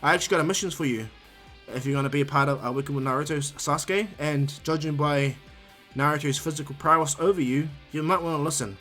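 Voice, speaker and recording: A man's voice: a little high, fairly even intonation, quick pace, a bit bright, soft background music, lightly acted. A man voicing a stern, intimidating female village leader who gives blunt orders in an anime retelling. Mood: commanding. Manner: blunt, commanding.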